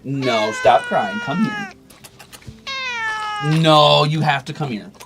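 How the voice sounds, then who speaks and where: A man's voice: mid-range voice, measured pace, background noise. A young man streaming, talking to and scolding his cats in a playful, teasing way. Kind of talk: casual chat with pets on stream. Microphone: desk mic.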